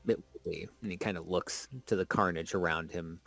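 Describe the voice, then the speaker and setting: A man's voice: sits low, steady tone, moderate pace, creaky, hardly any pauses, a bit bright. A man narrating his character in a tabletop game, casually with fillers. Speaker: player. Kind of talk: tabletop role-play narration.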